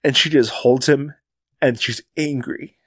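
A man's voice: mid-range voice, steady tone, no echo. Guy on a film podcast getting emotional, lots of restarts, dry close mic. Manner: emotional, halting, many restarts. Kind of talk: casual film discussion.

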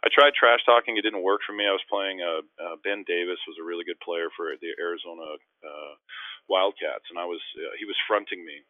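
A former basketball player telling rambling, self-mocking stories in a casual interview. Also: male voice, low-pitched, fairly quick, no room sound. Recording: tinny phone-like line.

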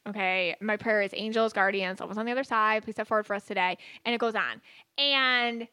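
A woman co-hosting a podcast as a psychic, chatting casually and telling stories in an animated way with frequent laughter. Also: medium pitch, brisk, smooth, dry recording. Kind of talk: casual chat and storytelling.

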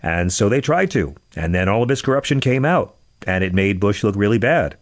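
A man hosting a political talk radio show, sarcastic and joking, a little out of breath, stammering into quick restarts. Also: fairly low pitch, expressive, dry recording, studio quality.

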